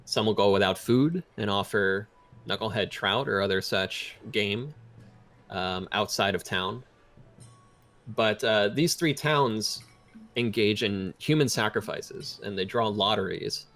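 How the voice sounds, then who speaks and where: A man as dungeon master, narrating and speaking for characters in a measured, expository way. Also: fairly low pitch, a bit bright. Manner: expository, measured, with many fillers. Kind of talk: narrating a tabletop game in character.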